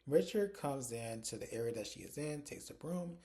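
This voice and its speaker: A man's voice: mid-range voice, expressive, moderate pace, warm tone. A man giving a casual, chatty recap of a TV episode, stringing the events together with "and so" and "like". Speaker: TV episode reviewer.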